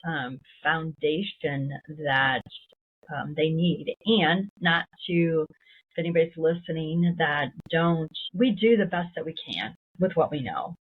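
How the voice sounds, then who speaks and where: A middle-aged woman co-hosting a podcast, talking reflectively and drawing out key words slowly. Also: deep voice, slightly rough. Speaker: podcast co-host. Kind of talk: casual conversation. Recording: tinny phone-like sound.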